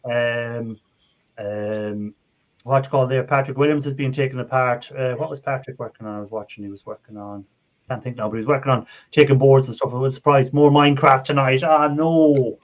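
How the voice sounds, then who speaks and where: A man's voice: mid-range voice, fairly even intonation, a little fast. An Irish man hosting a casual live chat, rambling and friendly, laughing often. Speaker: livestream host. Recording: dull lo-fi stream audio.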